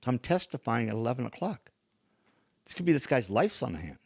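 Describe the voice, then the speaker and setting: A man's voice: mid-range voice, quick pace, gravelly, pauses often, no echo. An older man hosting a podcast, chatting frankly and acting out other people's lines as he tells a story. His voice sits in an ordinary middle register, recorded close and dry with no room sound. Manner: animated, acts out quoted dialogue; blunt, frank wording. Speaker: podcast host. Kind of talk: casual storytelling chat.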